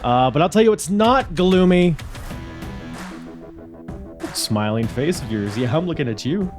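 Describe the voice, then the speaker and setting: A man's voice: on the high side, sing-song, moderate pace, music in the background. A young man hosting a wrestling podcast in a casual, goofy, rambling way, joking with himself and the listener. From Virginia. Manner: goofy, rambling, self-mocking. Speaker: podcast host.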